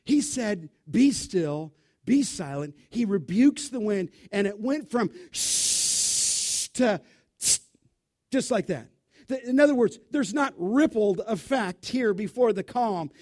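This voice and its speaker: Delivering a sermon in a strikingly high voice, a male preacher speaks slowly but in an animated, emphatic way. He keeps things conversational and tosses rhetorical questions at his listeners.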